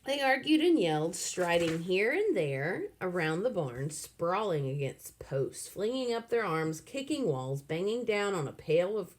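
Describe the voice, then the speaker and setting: A woman narrating a children's novel aloud in an expressive, animated way. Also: on the low side, measured pace, hardly any pauses.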